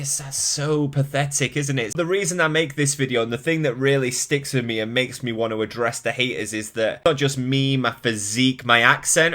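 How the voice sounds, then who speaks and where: A man's voice: mid-range voice, moderate pace, hardly any pauses, fairly bright tone. Frank man with a mild Mancunian accent. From Manchester, England. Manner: frank, exasperated, laughs at himself, swears casually. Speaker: fitness YouTuber. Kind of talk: candid to-camera rant.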